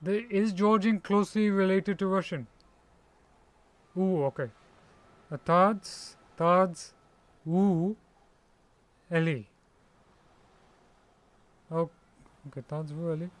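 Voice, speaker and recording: A man streaming a strategy game, speaking slowly and haltingly with a slightly high voice. He sounds out hard names bit by bit and laughs at his own slips. The sound is clear, close and dry. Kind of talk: casual live-stream chat.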